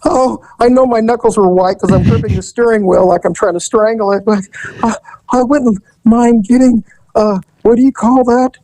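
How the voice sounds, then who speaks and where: A man's voice: steady tone, a little mellow, dry recording, exaggerated voice, poor audio. A man playing a frantic nervous man in a car. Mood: panicky. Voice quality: high frantic voice, fast panicked questions. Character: jittery nervous man cruising in his car.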